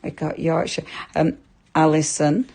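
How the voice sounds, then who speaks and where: With a low, level, warm voice that moves a little slowly, a woman from Lancashire hosts a live craft demo. She chats with her viewers in a Lancashire accent, peppering her talk with tag questions.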